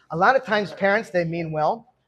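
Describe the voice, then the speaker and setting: A middle-aged man telling stories from his own past in a casual, animated way, often laughing as he talks. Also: high voice, slow, dull audio. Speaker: guest speaker telling his life story. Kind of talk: casual storytelling talk.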